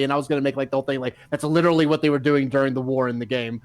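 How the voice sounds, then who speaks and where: A man co-hosting a stream, reacting with loud laughs, swearing and disbelief. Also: a little high, rapid-fire, hardly any pauses. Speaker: stream co-host.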